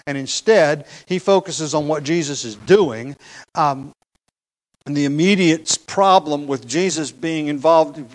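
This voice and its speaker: A man with a fairly high voice teaches through a scripture passage in a sermon. He speaks emphatically, pausing on key words and sometimes chuckling as he explains. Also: low-quality recording. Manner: expository teaching, emphatic, with occasional fillers and chuckles. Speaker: preacher.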